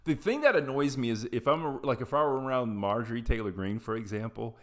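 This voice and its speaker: A man's voice: medium pitch, lively intonation, brisk, fairly bright tone. A young adult man from Appalachia telling a personal story in a casual, rambling, profane way, with frequent tangents.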